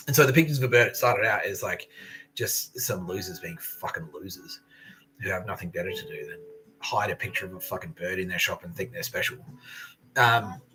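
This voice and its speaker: A man's voice: on the low side, pushed and bright, rough recording. A man, hosting a podcast and telling stories in a profane, aggrieved rant. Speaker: podcast host. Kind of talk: casual monologue storytelling.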